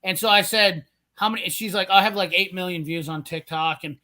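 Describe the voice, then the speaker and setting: A man with a high, bright voice rambles through a story on a casual garage-talk stream. He acts out what others said and breaks into laughs as he goes. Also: brisk, a little hiss or hum. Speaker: podcast host. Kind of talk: casual garage chat livestream.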